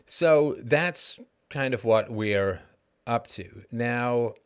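A man's voice: mid-range voice, drawn-out words, clear, resonant tone. A man hosting a livestream, talking casually and acting out the people in his stories. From Canada. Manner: animated storytelling, acts out quoted people. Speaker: livestream host. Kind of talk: casual monologue.

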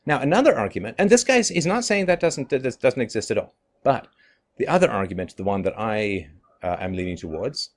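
A middle-aged man giving a monologue commentary, animated, often laughing and mimicking others in mocking quotes. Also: medium pitch, brisk.

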